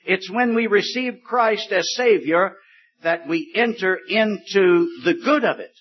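A man preaching a sermon, slow and deliberate, stretching words for emphasis. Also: sits high, slightly rough. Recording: dull lo-fi recording.

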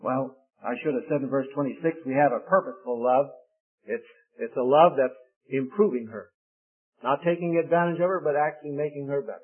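Husky older preacher, folksy, phone-thin sound. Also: male voice, mid-range voice, fairly quick, phone-quality sound. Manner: folksy storytelling, quotes others in lively voices. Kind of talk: sermon with personal stories.

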